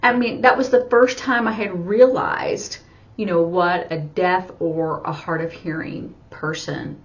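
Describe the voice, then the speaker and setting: Woman, middle-aged, sign language teacher, slow and halting, lowish voice. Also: steady tone. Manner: slow, halting, many fillers. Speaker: ASL teacher and interpreter. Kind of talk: personal story told while signing. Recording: dull lo-fi sound.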